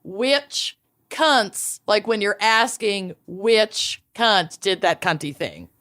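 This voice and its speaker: A woman's voice: medium pitch, slow, fairly bright tone. A woman co-hosting a podcast in casual chat, giggling and making crude jokes. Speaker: podcast co-host.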